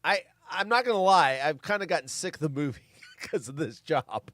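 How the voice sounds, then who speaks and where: High-voiced man reading movie trivia. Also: expressive, normal speed, fairly bright tone, no room sound. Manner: reads facts, then adds offhand asides. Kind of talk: casual commentary over a film.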